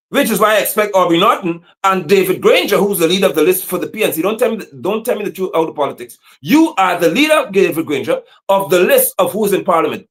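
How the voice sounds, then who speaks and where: A man giving impassioned livestream commentary as an activist, preaching and repeating slogans, sometimes shouting. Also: sits high, animated, fast, few pauses.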